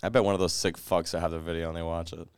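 A man's voice: deep voice, flat delivery, very fast, smooth. A man in crude casual banter who jokes and mimics people he talks about. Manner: joking, mimics people in silly voices.

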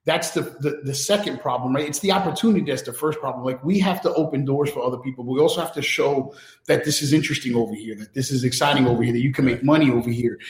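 A man's voice: medium pitch, fast talker, roomy sound. A man, a technology strategist, talking candidly and with energy in a casual interview, often checking in with "right?". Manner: candid, animated, many restarts and "right?" tags. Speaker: guest, enterprise technology strategist.

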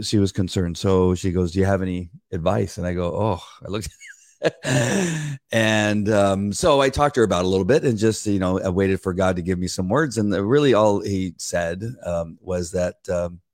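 A man's voice: low-pitched, normal speed, a little mellow, dry recording, clean studio sound. A man, a former police officer co-hosting a devotional podcast, telling a long story in a rambling way with many restarts. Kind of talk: casual devotional chat.

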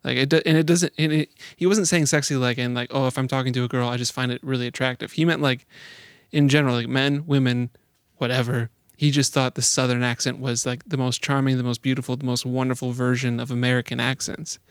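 A man co-hosting a casual conversation, telling stories in a relaxed way and agreeing often. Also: medium pitch, quick pace, no echo, studio quality. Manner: relaxed storyteller, affirming often. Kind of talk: casual chat.

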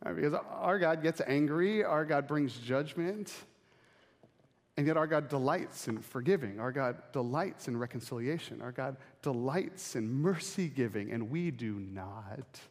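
A man preaching a sermon as pastor, talking in a conversational, animated way and acting out little quotes. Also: medium pitch, a little slow, long reverb tail.

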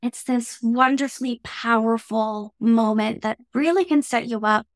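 Canadian woman, Canadian English accent, reflective and unhurried, higher pitch, dry sound. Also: dry recording. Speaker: interview guest. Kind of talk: reflective conversational interview.

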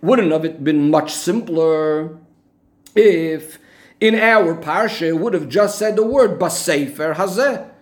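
A man's voice: fairly high pitch, slow pace. A man giving an explanatory Torah lesson, going through the reasoning methodically and restating each point step by step. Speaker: Torah teacher.

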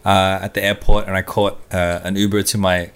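A man with a slightly low voice chatting on a podcast. He tells stories with energy and slips into imitations of accents as he goes. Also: a little fast, smooth. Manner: animated storyteller, imitates accents. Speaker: podcast co-host. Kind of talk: casual chat.

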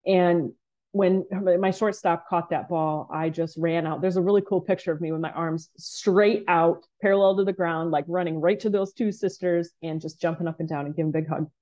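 A woman coach telling a podcast story with a lowish, mellow voice. She acts out quotes from the game in lively bursts. The sound is a bit dull and lo-fi. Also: moderate pace. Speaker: softball coach.

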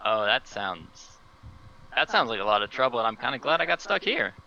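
Bright-voiced, stammering male player. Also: sing-song, a little fast, muffled recording. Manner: hesitant, stammering, with sudden jumps in pitch. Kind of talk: playing his character in a tabletop game.

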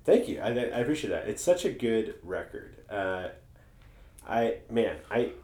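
Rambling low-voiced man in an echoey room. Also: measured pace. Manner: rambling, animated, swears freely. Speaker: podcast co-host. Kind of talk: casual chat.

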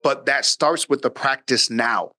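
Male podcast guest: forceful, bright tone, dry close mic, emphatic and blunt. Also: medium pitch, unhurried, no room sound. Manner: emphatic, acts out dialogue with his daughter; blunt, occasional swearing. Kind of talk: casual interview talk.

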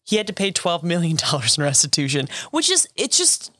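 A woman with a lowish voice co-hosts a casual podcast, recapping a show. Her pitch swings widely as she acts out quotes and laughs along. The sound is close and dry. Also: sing-song, fairly quick, a bit bright, no room sound. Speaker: podcast co-host.

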